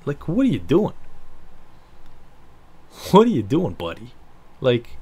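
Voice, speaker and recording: A man's voice: on the high side, a little mellow. A man telling a story-time rant, sarcastic and profane, rambling with asides.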